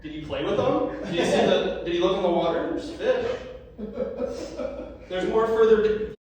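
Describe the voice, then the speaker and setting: A man's voice: high-pitched, expressive, normal speed, darkish tone, a little hiss or hum. A man doing a loose, profane stand-up comedy routine and laughing at his own jokes, recorded from a distance in an echoey room.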